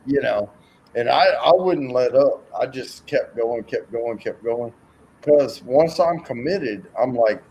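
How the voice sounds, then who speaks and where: A man's voice: mid-range voice, measured pace, dark tone, highs cut off, a little hiss or hum. A man telling rambling, profane stories in a casual chat and acting out the voices in them. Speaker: co-host.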